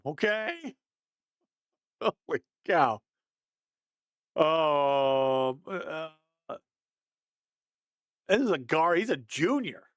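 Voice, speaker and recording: A man's voice: on the high side, a bit bright, no room sound. A man giving a casual, conversational breakdown of football game film, thinking aloud and chuckling at mistakes.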